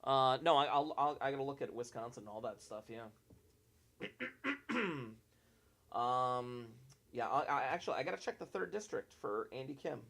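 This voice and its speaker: A man's voice: mid-range voice, animated, normal speed, vocal fry, long pauses, fairly bright tone, no room sound. Chatty man hosting live election coverage. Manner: chatty, self-mocking, restarts often while checking numbers. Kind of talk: casual live-stream commentary.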